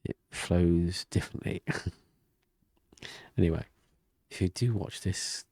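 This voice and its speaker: Quiet low-voiced man, gravelly diary talk. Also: slow, no room sound. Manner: quiet, rambling, often half-whispered talk. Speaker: vlogger. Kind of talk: casual diary vlog. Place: home room with thin walls. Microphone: desk mic and webcam.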